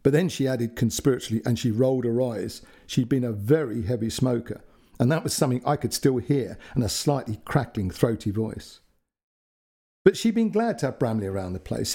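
A man's voice: mid-range voice, lively intonation, moderate pace, warm tone, breathy edge. A man, narrating a true story in a chatty, anecdotal first-person way.

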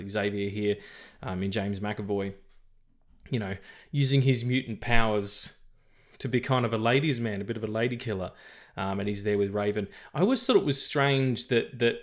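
A man co-hosting a film podcast, talking casually and rambling, with lots of fillers, restarts and swearing. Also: on the low side. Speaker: podcast co-host.

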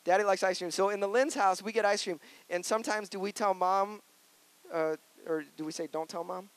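A man's voice: high voice, fairly quick, clear, resonant tone. A male pastor preaching a sermon, playful and conversational, earnest and personal.

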